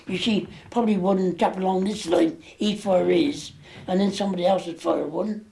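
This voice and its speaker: A man's voice: sits high, steady tone, normal speed, gravelly, mellow. Elderly man reminiscing. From England. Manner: rambling, dialect grammar, many fillers. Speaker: war veteran interviewee. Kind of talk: recounting memories in an interview.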